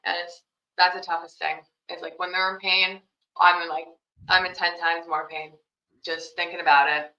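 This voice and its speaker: Young woman, lower side of pitch, rambling casual guest, dull echoey sound. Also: flat delivery, normal speed, sharp tone. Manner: rambling, heavy on fillers like "you know" and "like". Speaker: podcast guest, young mother. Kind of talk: casual interview answers.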